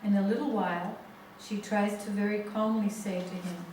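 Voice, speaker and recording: A woman leading a family constellation seminar, telling a case story slowly with many restarts. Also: medium pitch, fairly even intonation, a little mellow, slight background noise. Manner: slow, halting storytelling with restarts. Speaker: seminar facilitator. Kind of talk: guiding a family constellation exercise. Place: seminar room. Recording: echoey room, far from mic.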